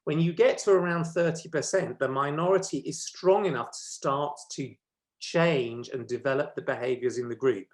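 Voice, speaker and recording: A workshop presenter with a fairly high-pitched voice gives a chatty, conversational talk at a moderate pace. He often corrects himself, says "um" frequently, and checks in with his listeners by asking "okay?"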